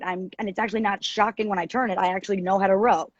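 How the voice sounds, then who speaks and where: A woman with a deep, raspy voice hosts a casual astrology chat. She rambles and restarts her sentences. Her husky voice comes through a dry, slightly dull video-call recording. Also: very fast, no room sound. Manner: rambling, animated, self-interrupting. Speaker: podcast co-host and astrologer.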